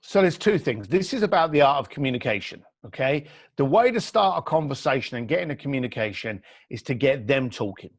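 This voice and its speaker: A man's voice: medium pitch, very animated, fairly quick, hardly any pauses, no echo, studio quality. A man being interviewed on a podcast, telling stories and giving blunt advice while acting out quoted dialogue. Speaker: entrepreneur guest. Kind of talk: animated storytelling advice.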